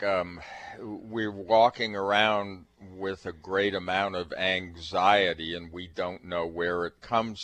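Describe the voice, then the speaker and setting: A man's voice: on the low side, a bit bright, poor audio. A man co-hosting a talk radio show, speaking thoughtfully with many hesitations. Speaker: radio co-host.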